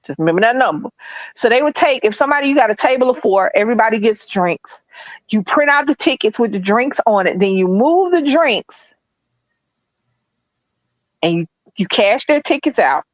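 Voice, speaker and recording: A blunt, animated woman co-host telling a story in casual chat, swearing freely. Her voice sits a little high, and the sound is dry and close. She delivers it with loud, easy confidence. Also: normal speed, no echo, poor audio. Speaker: podcast co-host.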